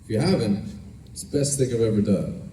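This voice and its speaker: A man's voice: on the low side, very animated, brisk, mellow. A man answering fan questions at a convention panel in a casual, joking, laid-back way, rambling a little. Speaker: guest actor at fan panel. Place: large indoor convention hall. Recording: echoey convention hall, distant mic, noise.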